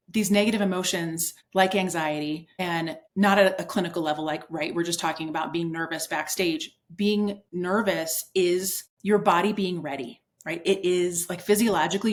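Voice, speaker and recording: Woman, sport psychologist, lowish voice, earnest, explanatory, acts out quick quotes. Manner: earnest, explanatory, quotes parents and kids in lively asides. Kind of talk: conversational interview answers.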